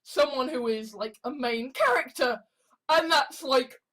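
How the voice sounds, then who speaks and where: High-voiced woman ranting casually. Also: a little slow. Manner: profane, animated, acts out quoted reactions. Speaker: host.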